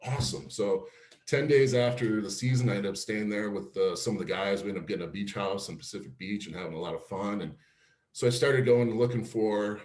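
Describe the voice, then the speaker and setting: Man, lowish voice, animated storytelling, chuckles a lot, echoey room. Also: brisk. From Cleveland, Ohio. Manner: animated storyteller, laughs often, acts out quotes. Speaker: former pro baseball pitcher, guest. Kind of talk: casual storytelling interview.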